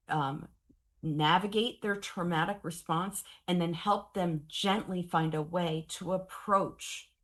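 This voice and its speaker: A woman in her forties leads a professional training session on traumatic grief. Her voice sits low, and she talks with candid, animated energy and a wry sense of humor. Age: 40s.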